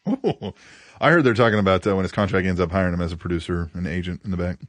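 A man's voice: sits low, fast, no room sound. A man co-hosting a casual podcast, crude and laughing as he tells stories and reads listener tweets aloud. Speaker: podcast co-host.

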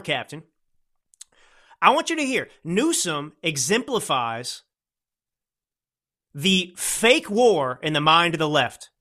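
Guy ranting on his podcast, high bright voice, keeps repeating himself scornfully. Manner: indignant, repetitive, scornful. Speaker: podcast host. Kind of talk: political commentary.

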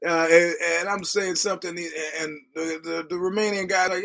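A man's voice: high-pitched, fairly even intonation, normal speed, vocal fry, few pauses, fairly bright tone, rough recording. A middle-aged American man hosting a podcast, rambling through stories with restarts, quoted voices and wry profanity. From United States. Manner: digressive storytelling with many restarts and quoted voices. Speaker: podcast host. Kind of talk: casual rambling monologue.

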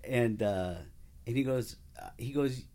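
A man's voice: mid-range voice, a little slow, mellow. A man as a podcast guest, telling a personal story in casual conversation, acting out what people said and laughing along the way.

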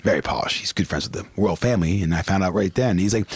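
A man's voice: sits low, expressive, fast talker, hardly any pauses, slightly rough. A middle-aged man, a barbecue cook and DJ, telling anecdotes in casual chat and laughing at his own jokes.

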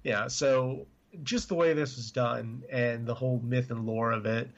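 A man's voice: medium pitch, fairly even intonation, measured pace, lo-fi sound. A man co-hosting a casual movie chat, rambling with lots of fillers. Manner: rambling, full of fillers and hedges. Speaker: podcast co-host.

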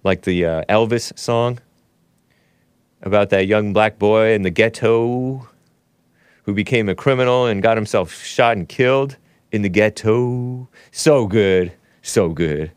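A male talk show host rambles through sarcastic commentary and laughs at his own asides. His voice is smooth and resonant. It sits close and dry, with no room sound. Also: lowish voice, a little slow, no echo. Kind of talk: casual commentary playing clips.

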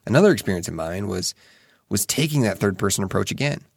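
A young man talks through a reflective monologue in an earnest, musing way, often restarting his sentences and swearing casually. His voice sits low with a gravelly, fry-edged texture. The recording is dry and close, with no room sound. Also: animated, fast, no room sound. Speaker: solo speaker.

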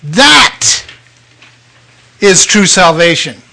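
An older man preaching with a high, bright voice. He tells his testimony with emotion, jumping from loud outbursts to near-whispered moments. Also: big pitch swings, drawn-out words, gravelly. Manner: emotional storytelling with sudden loud and hushed turns. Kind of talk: sermon testimony.

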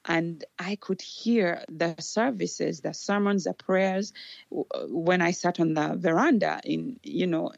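A Ugandan woman with a low, gravelly voice tells a story in a casual interview. She is animated, laughs often and restarts her sentences, and the recording sounds dull and dry. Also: takes it slowly, no room sound. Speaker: guest.

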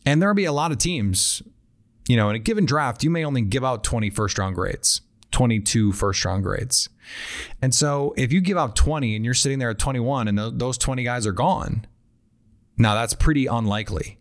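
A man's voice: medium pitch, lively intonation, moderate pace. A man hosting a football talk show, thinking aloud and breaking down draft picks in a conversational way. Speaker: football analyst host. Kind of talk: casual draft analysis talk.

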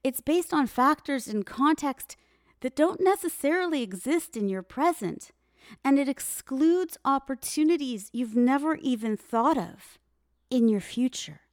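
Slow, earnest woman podcaster. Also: sits high, animated, no room sound, clean studio sound. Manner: earnest, addresses the listener directly. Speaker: podcast host. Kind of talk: reflective storytelling monologue.

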